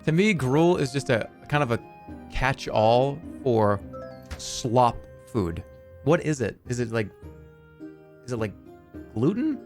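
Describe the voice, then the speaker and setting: A middle-aged man gives playful, animated game commentary, his pitch leaping around as he jokes and swears casually. He has a soft bed of music running faintly underneath him. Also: slow pace, pauses often. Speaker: streamer.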